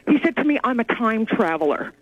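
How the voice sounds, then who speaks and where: A woman calling in to a radio show, telling her story in an excited, rambling way over a phone line. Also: on the high side, brisk, no echo. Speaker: caller.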